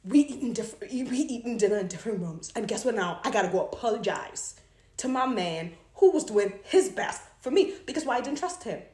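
A young woman telling a story in a casual devotional talk, animated and laughing as she goes. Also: fairly high pitch, brisk, reverberant. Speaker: Christian vlogger.

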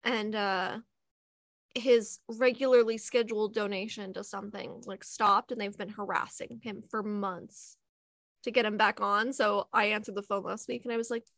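A woman's voice: mid-range voice, fairly even intonation, normal speed, a bit bright, dry recording, studio quality. A woman in casual chat with fellow tabletop game players, rambling with fillers and easy swearing.

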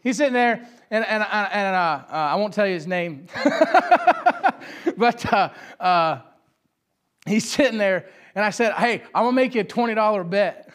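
A man preaching a sermon, casual and storytelling, who climbs to loud emphatic peaks and laughs often. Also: high voice, moderate pace.

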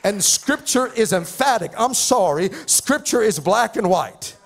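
High-voiced fervent preaching man. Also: lively intonation, unhurried, creaky, a faint crowd. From Pacific Islands. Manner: repetitive stammering restarts, rising to shouting fervor. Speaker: pastor. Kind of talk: sermon.

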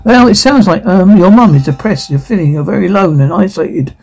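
A man voicing a stern middle-aged father who is a psychiatrist, in halting, restarting phrases. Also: high voice, lively intonation, creaky, a little mellow, heavily acted.

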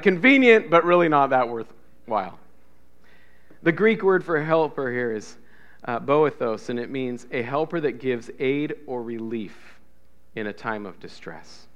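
A man preaching a sermon as pastor, swinging between loud emphatic repetition and soft hushed lines, and leading the congregation in call-and-response. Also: medium pitch. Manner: builds to loud emphatic repetition, drops to soft near-whispers.

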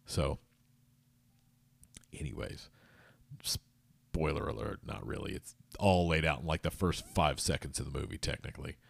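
Deep-voiced rambling podcast man. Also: unhurried, vocal fry, long pauses, dry recording. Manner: rambling, jokey, trips over words. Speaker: podcast host. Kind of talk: casual rambling monologue.

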